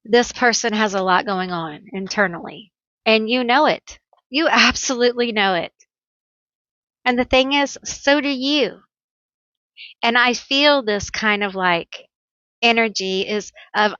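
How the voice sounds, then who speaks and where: A woman's voice: on the high side, unhurried, pushed and bright, no echo, dull audio. A woman giving a pick-a-card tarot reading, chatty and playful, telling stories with teasing nicknames.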